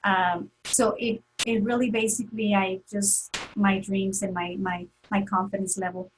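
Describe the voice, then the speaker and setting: A woman's voice: medium pitch, flat delivery, a little slow, noisy background. A woman telling an emotional personal story as an interview guest, earnest, with many fillers and restarts.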